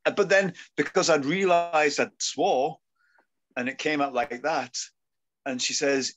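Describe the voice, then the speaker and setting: A man's voice: on the high side, moderate pace. A British man, a guest musician, chatting casually and telling funny stories with frequent laughs. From Britain. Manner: jokey, animated storyteller who laughs often. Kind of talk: casual chat.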